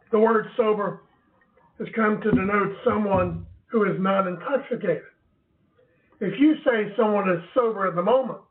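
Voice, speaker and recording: A high-pitched man teaches scripture in a measured, deliberate way and drops in emphatic asides. The sound is thin and tinny, like a phone line. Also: far from the mic. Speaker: Bible teacher.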